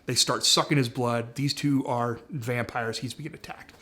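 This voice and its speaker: A man walks through a series pitch scene by scene, relaxed and conversational. His voice sits in a middle range and he fills pauses with "like" and "uh" as he goes. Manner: conversational, frequent "like" and "uh". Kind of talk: casual story pitch.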